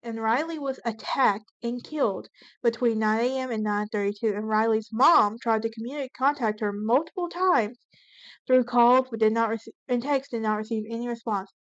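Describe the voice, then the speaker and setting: A woman with a fairly high voice narrates a true crime case as the channel's host. She reads from notes, stumbling and correcting herself often. The sound is dull and lo-fi, recorded dry with no room echo. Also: moderate pace. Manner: reads from notes with frequent restarts and self-corrections.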